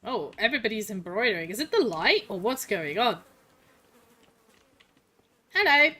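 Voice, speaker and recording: Bright, brash woman streamer. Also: mid-range voice, sing-song, moderate pace. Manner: brash, swearing, playful. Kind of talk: live game commentary.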